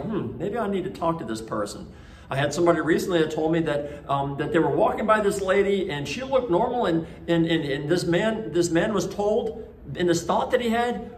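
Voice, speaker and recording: A man's voice: on the high side, slight background noise. A man preaching a conversational homily at a school Mass, telling stories with frequent restarts. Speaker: priest. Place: church. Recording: echoey church.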